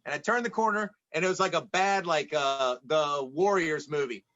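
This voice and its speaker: A man from Atlanta, United States, with a high, bright voice tells casual stories as a podcast guest at normal speed. He livens up his anecdotes by acting out the people and their quoted dialogue. The audio is a little dull and muffled.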